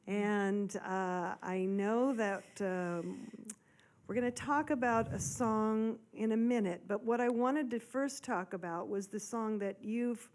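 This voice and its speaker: A woman's voice: medium pitch, slow, darkish tone. A woman interviewing a guest in a casual chat, friendly and prompting with questions. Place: studio interview set.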